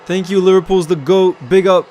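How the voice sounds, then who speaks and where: A man giving excitable live commentary on a football match while greeting viewers in his chat. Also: sits high, fairly quick, a little hiss or hum. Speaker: watchalong streamer.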